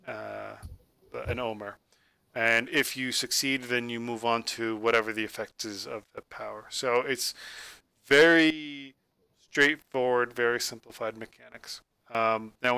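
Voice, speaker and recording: A male game master walks players through the rules of his tabletop game, stopping and restarting with plenty of ums and uhs. His voice is bright and clean, and the sound is dry and close on a computer mic over a call. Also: mid-range voice, smooth, no echo. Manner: rambling, halting with many fillers.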